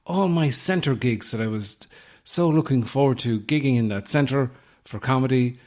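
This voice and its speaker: A man hosting his own comedy podcast, rambling through deadpan absurd asides close to the mic. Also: mid-range voice, normal speed. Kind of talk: solo comedic podcast monologue. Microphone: close podcast microphone.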